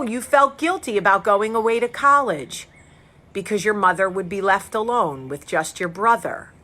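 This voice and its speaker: A woman host giving a frank, animated monologue, swearing casually as she talks. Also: high voice. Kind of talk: candid monologue.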